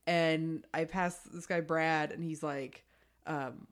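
A woman's voice: sits low, fairly even intonation, slow pace. Chatty woman recapping an episode. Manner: chatty storyteller, acts out quotes. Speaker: podcast co-host. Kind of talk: casual recap chat.

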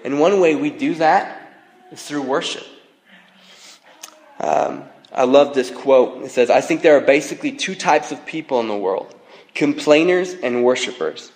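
A man in his thirties preaching a sermon in a relaxed, conversational way, joking and using frequent fillers. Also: medium pitch, a little hiss or hum. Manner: conversational, self-deprecating humor, frequent fillers. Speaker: pastor. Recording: long reverb of a large hall.

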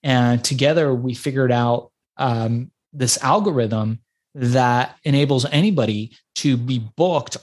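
Iran-born man telling his story. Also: medium pitch. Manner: animated storyteller with frequent restarts. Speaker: podcast guest. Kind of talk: casual interview storytelling.

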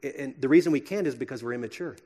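A man, likely a pastor, preaching a sermon with earnest emphasis that drops to hushed, gentle passages. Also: medium pitch, racing.

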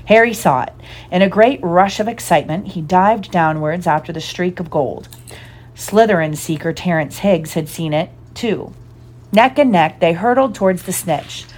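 A woman giving a lively, expressive storybook narration. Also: lowish voice, moderate pace. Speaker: audiobook reader.

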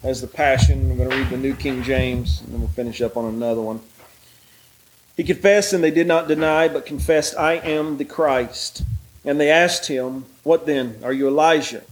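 A man leading a bible study, praying and reading scripture aloud in a relaxed, halting way with many fillers. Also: mid-range voice, rough recording. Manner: reads scripture aloud in a raised voice.

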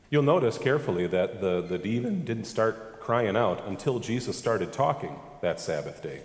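A man's voice: mid-range voice, a little mellow. Pastor, male, emphatic sermon delivery, roomy sanctuary sound. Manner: emphatic preaching with rhetorical questions.

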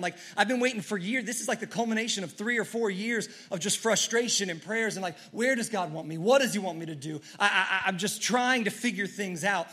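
A male preacher with a fairly high voice delivers a sermon from a church stage. He tells his story earnestly, stumbling over restarts and moving from loud to quiet. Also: brisk, few pauses. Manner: earnest storytelling with many restarts and swings in loudness. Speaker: pastor.

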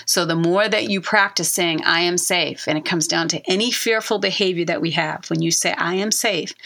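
A woman's voice: lowish voice, pushed and bright. A middle-aged woman hosting a self-help podcast, coaching listeners earnestly and repeating key phrases for emphasis. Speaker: podcast host and author.

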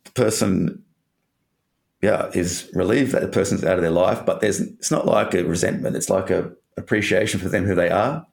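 A man's voice: sits low, normal speed, creaky. A man from Australia telling a candid personal story in an interview, rambling and swearing casually.

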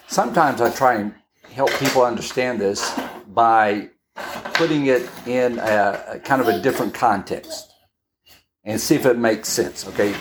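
A woman giving a conversational Bible-study sermon, unhurried, often checking in with her listeners. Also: a bass voice, noisy background. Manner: checks in often with "all right?"; unhurried, with pauses and restarts. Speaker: Bible teacher.

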